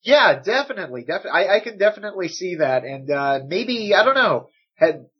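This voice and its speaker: Excitable high-voiced man, husky tone. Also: a little fast. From United States. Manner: enthusiastic, repeats words, excitable. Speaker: wrestling podcast co-host. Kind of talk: casual chat. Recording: dull lo-fi sound.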